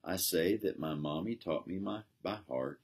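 A man's voice: sits low, normal speed, darkish tone, husky. A man voicing a sad, earnest little chimney-sweep boy in a read-aloud story. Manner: earnest, tearful.

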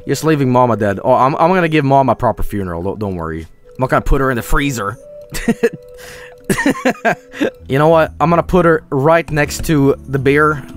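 A young man streaming a game, swearing and sarcastic, swinging between yelling and low mumbles.

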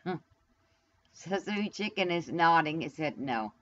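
A woman's voice: deep voice, animated, measured pace, a bit bright, muffled recording. A woman live streaming from home in New York, rambling casually to her viewers, blunt and profane as she talks back to the chat. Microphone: camera mic.

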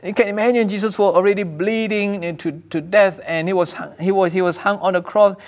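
High-voiced pastor preaching. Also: male voice, fairly even intonation, fairly quick. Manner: earnest preaching with repeated phrases and restarts; raises voice when quoting cries from scripture. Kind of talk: sermon.

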